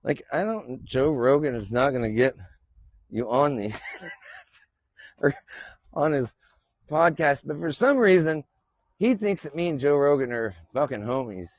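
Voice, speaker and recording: A man's voice: medium pitch, lively intonation, unhurried, pauses often, dry recording. A male podcast host chatting casually on a live stream, rambling, cursing and laughing often as he talks. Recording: dull lo-fi sound.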